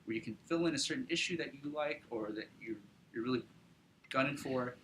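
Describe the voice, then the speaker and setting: Young man, bright voice, casual startup pitch with a faint room hum behind. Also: brisk, rough recording. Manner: casual, upbeat, with frequent fillers and tag questions. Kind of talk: business pitch presentation.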